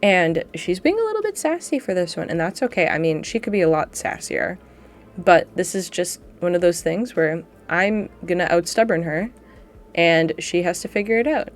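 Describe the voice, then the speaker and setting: A woman's voice: lowish voice, animated, moderate pace, soft background music. A woman dog agility trainer giving a chatty, self-deprecating voiceover on her training footage, laughing often as she talks from home.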